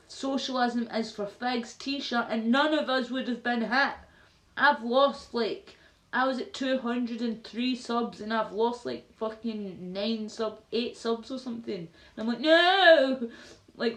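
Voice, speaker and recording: A Scottish woman chatting casually on a livestream, swearing freely and rambling as she answers viewer comments. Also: on the high side. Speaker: livestream host. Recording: roomy echo.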